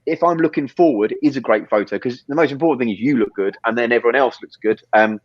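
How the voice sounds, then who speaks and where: A man chatting as a podcast guest, his words tumbling out fast with fillers and restarts. His voice sits at an ordinary middle pitch. The recording is dry and slightly dull. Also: dry recording. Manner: quick, rambling storytelling with many fillers and restarts. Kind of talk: casual interview chat.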